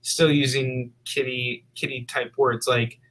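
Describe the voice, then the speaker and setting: A man from the Midwest hosts a live comic-shop stream. His voice is bright and forward, his pitch sits mid-range, and he talks in a loose, chatty way, full of fillers as he plugs books. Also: level tone, measured pace, poor audio. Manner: upbeat, lots of fillers and plugs. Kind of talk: casual live-stream chat.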